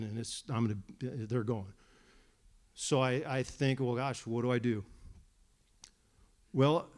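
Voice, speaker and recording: A middle-aged man shares his testimony at a church service, talking candidly and often restarting his sentences. His voice sits at an everyday middle pitch, neither high nor low. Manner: candid storytelling with frequent restarts. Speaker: church member giving a testimony.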